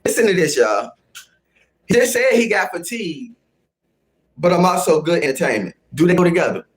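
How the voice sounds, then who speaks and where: Very animated and high-pitched, the livestream host rants casually at a moderate pace. He scolds his chat confrontationally and says the same phrases over and over.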